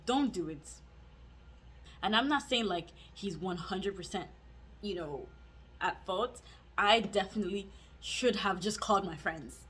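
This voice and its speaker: A woman's voice: medium pitch, expressive, a little slow, pauses often, a bit bright, slight background noise. A young adult woman telling a storytime vlog in a casual, chatty way, full of "like" fillers and self-mocking asides. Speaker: vlogger.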